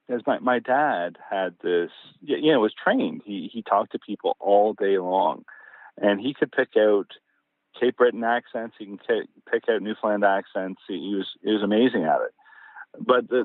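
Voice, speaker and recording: A man's voice: lowish voice, dry recording. A man from Ontario is a guest author telling family anecdotes in a loose, conversational way. He bursts into acted-out lines of dialogue. His voice comes through a narrow, phone-like line with no room sound. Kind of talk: casual conversational storytelling. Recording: tinny phone line, dry.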